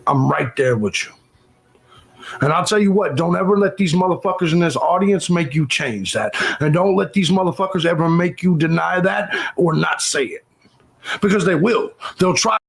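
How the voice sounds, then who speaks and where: A man's voice: a little high, moderate pace, vocal fry, rough recording. A man hosting a livestream, talking bluntly and profanely and thanking viewers for donations in casual commentary. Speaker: livestream host.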